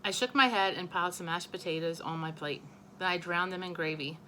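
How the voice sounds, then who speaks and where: A woman teacher reading a children's novel aloud, expressive and correcting her own small slips. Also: fairly low pitch, fairly quick, slight background noise, low-quality recording.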